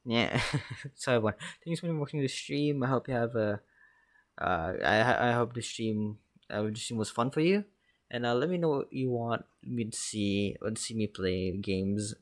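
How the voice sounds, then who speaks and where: A man's voice: mid-range voice, moderate pace. A man streaming a horror game, chatting in a rambling, self-deprecating, joking way as he wraps up. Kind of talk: casual livestream chat.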